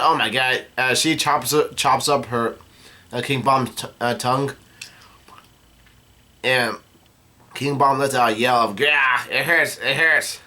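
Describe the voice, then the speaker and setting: A man casually recapping a comic chapter, halting with many fillers and restarts. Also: mid-range voice, sharp tone.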